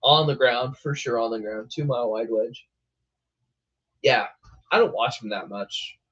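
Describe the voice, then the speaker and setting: A man's voice: mid-range voice, measured pace, fairly bright tone, breathy edge, dull audio. Laid-back young man saying bro a lot. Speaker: weather show host. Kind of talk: casual live-stream chat.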